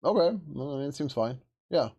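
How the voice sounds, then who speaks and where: A man hosting a casual livestream as a software developer, talking in a laid-back, rambling way, swearing freely and laughing often. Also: medium pitch, animated, brisk, slightly rough, lo-fi sound.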